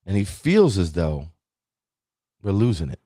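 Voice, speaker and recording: A man hosting a motivational talk show, speaking straight to his audience with a preachy, animated delivery. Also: low voice, unhurried, no echo, clean studio sound. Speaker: motivational show host and town councilman.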